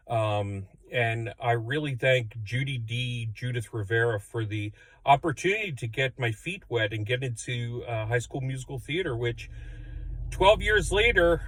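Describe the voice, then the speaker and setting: A man who directs high school musicals chats casually about a show he loves and often pauses to find his words. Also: a bit bright, no room sound. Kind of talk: casual spoken intro to a weekly music video.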